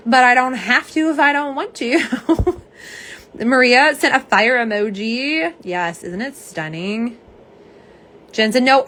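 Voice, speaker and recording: Tired chatty woman livestreaming. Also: on the high side. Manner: chatty, reads viewer comments aloud, trails off soft and tired. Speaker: nail polish livestream host. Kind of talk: casual live-stream chat.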